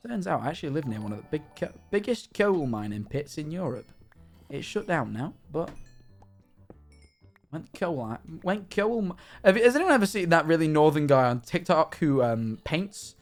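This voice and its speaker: A man's voice: on the high side, big pitch swings, brisk, faint music behind. A man live streaming while he plays a game, talking in a rambling, chatty way with many restarts and fillers. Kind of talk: casual chat while playing a game.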